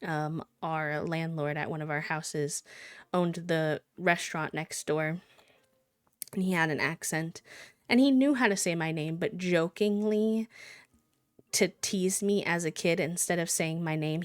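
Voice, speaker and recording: A woman's voice: deep voice, unhurried, smooth, no echo. A woman live streamer chatting casually and playfully with her viewers, breaking into sing-song countdowns.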